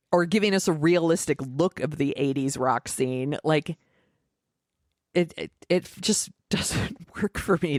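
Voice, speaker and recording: A woman with a lower-pitched voice co-hosting a podcast in loose, casual conversation. She talks freely, laughs often and slips into quoted lines. The sound is close and dry. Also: dry recording. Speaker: podcast co-host. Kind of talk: casual chat.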